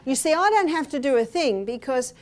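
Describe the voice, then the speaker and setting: Against a noisy background, an older woman with a high-pitched, animated, brisk voice addresses a health seminar in a hotel meeting room. She recounts personal anecdotes, acting out what people told her.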